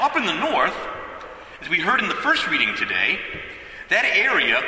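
A man's voice: a little high, pushed and bright. A man giving a sermon as a parish priest, talking in a conversational way with frequent restarts. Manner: conversational preaching with repeated restarts. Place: church. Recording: echoey church, from a distance.

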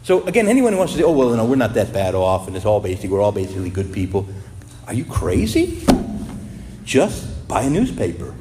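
A man preaching a sermon as a priest, animated and asking his congregation rhetorical questions. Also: mid-range voice, fairly quick, reverberant, in a large hall, heavy background noise.

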